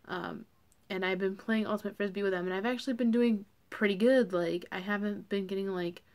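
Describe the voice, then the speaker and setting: A woman's voice: mid-range voice, steady tone, fairly quick. A young woman talking casually to camera as a vlogger, chatty and full of fillers.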